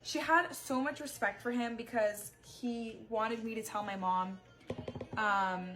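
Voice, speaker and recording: Young woman rambling through a story, lots of "like", kinda high voice, soft music behind. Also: slow. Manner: chatty, full of "like" fillers. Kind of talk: casual storytime while getting ready.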